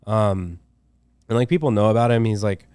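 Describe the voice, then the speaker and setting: A man's voice: on the low side, moderate pace, dark tone, smooth, no room sound, clean studio sound. A young man, a tattoo artist, chatting loosely on a podcast with lots of slang, swearing and filler words. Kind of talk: casual podcast chat.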